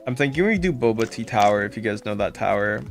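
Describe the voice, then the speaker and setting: A man's voice: lowish voice, expressive, quick pace, soft background music. A man streaming a game live, chatting casually and greeting viewers by name with repeated thanks.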